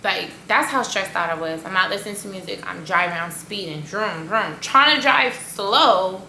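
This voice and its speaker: A woman's voice: medium pitch, normal speed, creaky, slight background noise. A woman who runs a cake business, telling a story in a casual vlog with lots of fillers and playful sound effects. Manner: animated, filler-heavy retelling with sound effects. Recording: echoey room.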